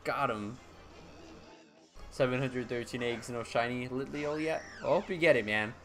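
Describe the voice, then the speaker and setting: An American man is hanging out on his live game stream, replying to viewer chat in a relaxed, chatty way and laughing easily. He talks a little slowly in a mid-range, slightly bright voice, with soft music in the background.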